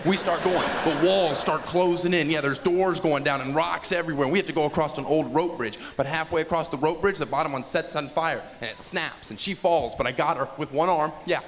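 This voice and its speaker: A man doing a stand-up routine, telling a story with animated delivery and acting out characters' voices. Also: fairly high pitch, a little fast, hardly any pauses. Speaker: stand-up comedian. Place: comedy stage. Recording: echoey noisy live stage recording.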